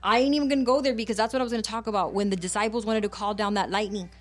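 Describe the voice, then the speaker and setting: A woman's voice: medium pitch, steady tone, racing. A woman preaching on a radio program, fervent and conversational, switching between English and Spanish to encourage listeners.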